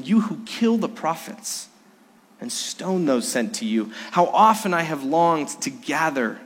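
Conversational pastor preaching in a reverberant church. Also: male voice, fairly high pitch. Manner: conversational, with restarts and storytelling asides. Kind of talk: sermon. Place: church sanctuary during a Sunday service. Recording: long reverb of a church sanctuary.

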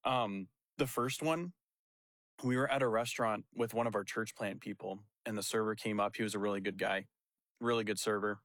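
A man's voice: fairly low pitch, moderate pace, dry recording. A young man, a pastor, telling a story in casual chat and acting out the quotes with laughs. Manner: animated, laughing storyteller who acts out quotes.

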